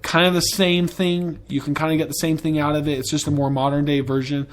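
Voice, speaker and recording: A man's voice: fairly high pitch, flat delivery, a little fast, a little hiss or hum. A man hosting a podcast in a casual, rambling and profane way, with enthusiastic tangents. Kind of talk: casual chat.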